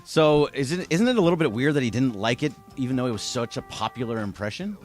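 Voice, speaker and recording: Lively man setting up radio clips. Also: medium pitch, fast talker, soft background music. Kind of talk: sports talk radio banter.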